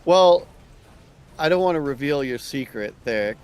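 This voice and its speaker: A man chatting in an easygoing way and calling out quick instructions while playing an online game over a headset mic. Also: fairly high pitch, lively intonation, darkish tone, smooth. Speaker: group player. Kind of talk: casual chat while gaming.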